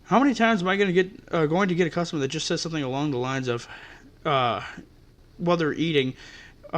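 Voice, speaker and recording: A man's voice: on the high side, expressive, fast, a bit bright. A man hosting a podcast, telling customer-service stories in an exasperated, profane rant. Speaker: podcast host. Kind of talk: ranting storytelling.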